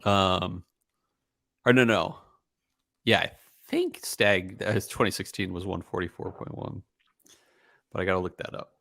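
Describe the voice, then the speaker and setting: A man co-hosting a podcast, chatting casually through a whiskey tasting, relaxed and rambling with many ums and uhs. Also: deep voice, a little slow, gravelly, pauses often, dry recording, studio quality. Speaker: podcast co-host.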